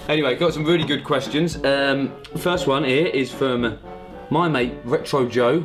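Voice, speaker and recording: A man's voice: mid-range voice, rough recording. A man hosting a casual vlog, dry and self-mocking, with lots of ums. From England. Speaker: host.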